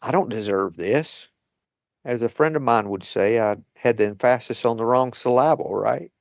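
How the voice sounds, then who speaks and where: A man leading a recovery discussion, reading slowly and reflecting on his experience with light laughs. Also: medium pitch, creaky, no echo, clean studio sound. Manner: slow, thoughtful, with light laughs. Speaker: podcast host leading a recovery meeting.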